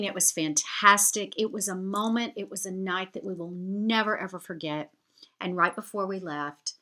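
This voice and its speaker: A woman talks straight to her viewers, telling a story in a chatty, heartfelt way. Her voice is bright and forward, with a pitch in the middle range for a woman. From United States. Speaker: vlogger. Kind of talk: storytelling to camera.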